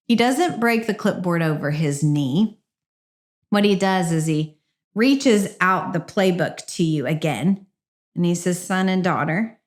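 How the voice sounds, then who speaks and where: A middle-aged woman hosting a devotional podcast, speaking in an earnest, encouraging and reflective way. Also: medium pitch. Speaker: podcast host.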